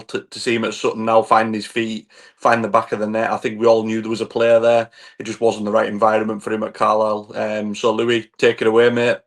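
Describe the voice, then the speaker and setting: A man hosting a casual football podcast who chats easily and hands the floor to his co-hosts with plenty of fillers. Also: fairly low pitch. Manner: relaxed, hands over to co-hosts with filler words. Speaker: podcast host.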